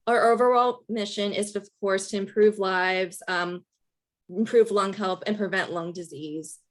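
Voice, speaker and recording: A woman hosting a virtual rally on a video call, upbeat and encouraging, with many fillers. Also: on the low side. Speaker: event host and organizer.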